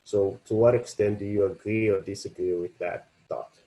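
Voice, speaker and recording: Low, mellow-voiced man moderating. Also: steady tone, poor audio. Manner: halting, hesitant, with many fillers. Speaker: panel moderator asking questions. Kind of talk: panel discussion on a video call.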